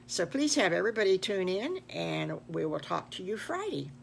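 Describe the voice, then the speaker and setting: A woman's voice: fairly low pitch, very animated, moderate pace, gravelly, slight background noise. An older woman improvising a children's story, rambling and correcting herself as she goes.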